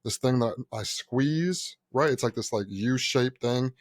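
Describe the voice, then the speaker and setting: A man's voice: mid-range voice, a little slow, dry recording, clean studio sound. A man in his thirties from New York, co-hosting a podcast in casual chat, telling stories and swearing freely. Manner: animated storyteller, acts out quotes, swears freely. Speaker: podcast co-host.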